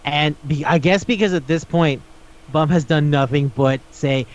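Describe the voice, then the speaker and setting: A fairly high-voiced man chatting on a podcast, animated and profane, slipping into the voices of the characters he describes. The recording is dull and lo-fi. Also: moderate pace. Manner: animated, acts out characters' lines, swears often. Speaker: podcast co-host. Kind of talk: casual chat recapping a manga.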